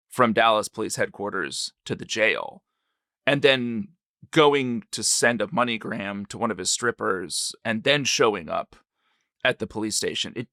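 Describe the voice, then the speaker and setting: A man's voice: on the low side, sharp tone, dry recording, clean studio sound. A man co-hosting a podcast, skeptical and methodical as he picks apart an argument. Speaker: podcast co-host. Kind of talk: casual podcast discussion.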